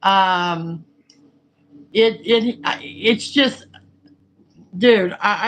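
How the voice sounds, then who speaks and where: A woman's voice: mid-range voice, very slow, pauses often, a bit bright, slight background noise, low-quality recording. A woman chatting casually and frankly, rambling through a story with lots of fillers. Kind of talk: casual chat.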